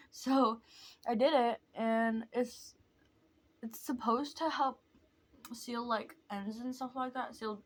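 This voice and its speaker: Young woman vlogger, a touch high-pitched, loose rambling makeup chat that keeps drifting and making fun of itself. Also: steady tone, slow, fairly bright tone. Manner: rambling, self-mocking, drifting off topic. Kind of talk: casual chat while doing makeup.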